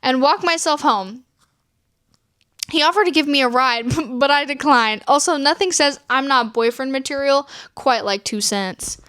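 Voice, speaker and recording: High-voiced woman reacting to stories. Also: moderate pace, no echo, clean studio sound. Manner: animated, swears freely, laughs often. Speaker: storytime vlogger. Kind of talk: reading and reacting to viewer stories.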